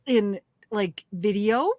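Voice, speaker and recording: A woman's voice: mid-range voice, a little mellow, no echo. Brief: woman co-host, casual stream chat, giggly, stop-start delivery, dry sound. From Canada. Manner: giggly, halting, lots of fillers.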